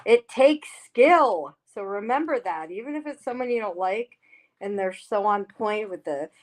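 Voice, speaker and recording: A woman's voice: mid-range voice, normal speed. A woman hosting a casual livestream, reading the chat aloud and talking bluntly with plenty of swearing. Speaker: livestream host. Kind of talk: casual live-stream chat. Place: home.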